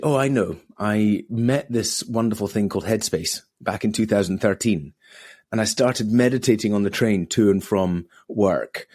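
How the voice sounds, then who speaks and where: A middle-aged man, a podcast guest, telling his story in a relaxed conversational way and acting out quoted voices. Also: dry recording, clean studio sound. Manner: acts out quoted voices with big pitch jumps.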